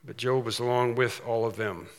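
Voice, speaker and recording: A man preaching a sermon in a conversational way, often restarting his sentences and slowing down to read scripture with weight. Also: medium pitch, steady tone. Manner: conversational, with repeated restarts and dramatic slowed scripture reading. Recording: long hall reverb.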